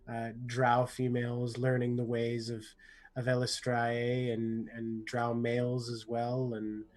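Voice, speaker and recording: A man narrating a tabletop game as game master, painting scenes slowly with restarts and filler words. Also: mid-range voice. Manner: slow, descriptive narration with frequent restarts and softening fillers.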